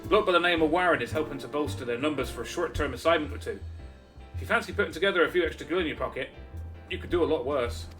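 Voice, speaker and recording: A man's voice: fairly high pitch, very fast, over music, close to an everyday voice. A man voicing a hearty, blunt male tavern keeper in a clumsy mock Irish brogue, reading game dialogue aloud. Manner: attempted Irish brogue, calls the listener laddie.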